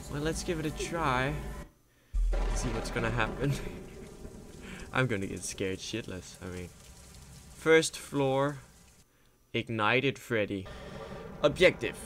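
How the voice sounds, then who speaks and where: A man's voice: mid-range voice, takes it slowly, pauses often, fairly bright tone, a little hiss or hum. A man playing a horror game on camera, talking nervously to himself as he goes and swearing and screaming at the scares. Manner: nervous running self-talk. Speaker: gaming video host.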